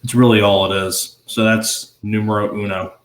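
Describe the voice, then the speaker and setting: A man's voice: on the low side, level tone, normal speed. Rambling man in an echoey room. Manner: rambling, repeats words, swears casually. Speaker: podcast co-host. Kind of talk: casual movie review chat. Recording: roomy echo.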